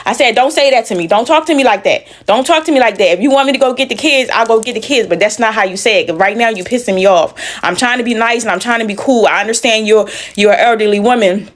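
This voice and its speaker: A woman's voice: on the high side, fast talker, few pauses. A woman telling a personal story in a casual storytime style, emphatic and repeating phrases for effect.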